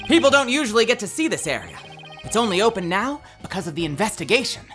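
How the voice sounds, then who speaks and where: A woman voicing a loud, overeager young male detective who talks fast. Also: mid-range voice, big pitch swings, faint music behind. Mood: eager.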